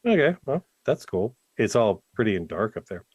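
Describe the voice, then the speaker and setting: A man's voice: on the low side, sing-song, moderate pace, husky, no echo. A man co-hosting a podcast in casual chat, talking about himself in a self-deprecating way with frequent restarts, over a home microphone. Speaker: podcast co-host. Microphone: home podcast mic, remote.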